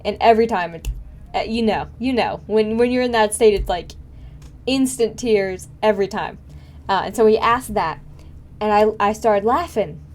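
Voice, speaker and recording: A woman's voice: medium pitch, moderate pace, darkish tone. A young woman streaming live, chatting casually with her viewers in a rambling way full of fillers. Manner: rambling, filler-heavy, frequent laughs.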